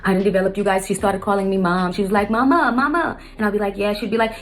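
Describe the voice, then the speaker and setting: A woman's voice: medium pitch, level tone, racing. A stepmother recounting a family story to her viewers, rambling and often turning to address them directly. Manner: rambling, keeps addressing viewers as you guys. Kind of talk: fast emotional storytelling to camera.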